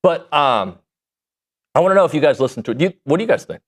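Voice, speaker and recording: A male sports radio host with a lively, animated delivery. His voice sits a bit high for a man and swings widely in pitch. He jokes and rambles through casual talk. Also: fast talker.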